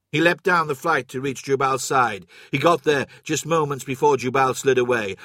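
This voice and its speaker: A man reads a story aloud in a measured, steady manner. His voice sits at a middle pitch, and the recording is dry and close. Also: no room sound. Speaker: audiobook narrator. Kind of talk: scripted story narration.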